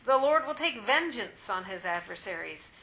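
Bright-voiced woman reading scripture. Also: mid-range voice, sing-song, moderate pace, poor audio. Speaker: scripture reader.

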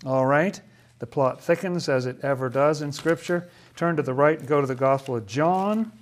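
A man's voice: on the high side, moderate pace. A man leading a casual Bible study, thinking aloud and asking questions about the passages.

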